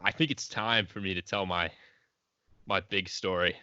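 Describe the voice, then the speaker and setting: A man's voice: deep voice, steady tone, normal speed, pushed and bright, no room sound. A young man co-hosting a casual podcast, laid-back and joking as he starts his story. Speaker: podcast co-host. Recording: dry, dull lo-fi audio.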